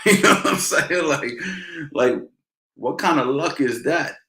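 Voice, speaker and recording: A middle-aged man, a boxing coach, telling stories in a casual Q&A, animated and slangy, repeating phrases for emphasis. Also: on the high side, measured pace. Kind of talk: casual Q&A storytelling. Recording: roomy echo.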